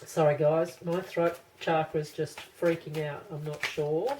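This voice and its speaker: A woman's voice: sits low, level tone, a little slow, background noise. A woman giving a casual pick-a-card tarot reading to camera, rambling and thinking aloud with many restarts.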